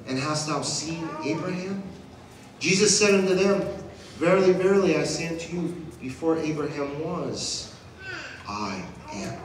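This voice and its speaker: A pastor preaching a sermon to his church, swinging from hushed passages to shouted ones. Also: sits high. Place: church sanctuary. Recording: echoey hall, distant mic, audible noise.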